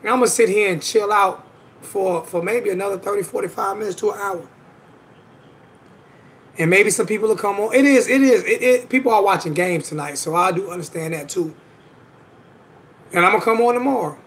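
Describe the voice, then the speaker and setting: A man's voice: high-pitched, fairly quick, pauses often, a bit bright, slight background noise. A man hosting a casual livestream chat, talking emphatically in slangy speech and repeating his points. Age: adult with children. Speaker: livestream host.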